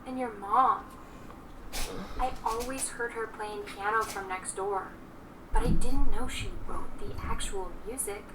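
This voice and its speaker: A woman's voice: on the high side, a little slow, background noise, close to an everyday voice. An actress voicing an eager young woman who gushes and stammers as she meets her old neighbor. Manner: gushing, stammering. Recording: distant, with clear music.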